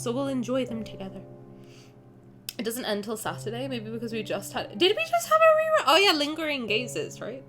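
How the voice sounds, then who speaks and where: A woman streamer chatting casually and excitably while reacting to a game, often swearing and gushing. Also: mid-range voice. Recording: faint game music underneath. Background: game music.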